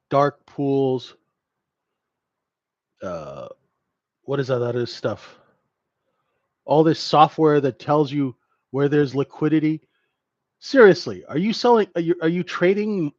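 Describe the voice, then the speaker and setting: A man's voice: on the high side, lively intonation, slow, long pauses, no room sound, lo-fi sound. A man teaching a live trading class in a conversational way, who keeps checking in with "right?". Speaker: trading instructor.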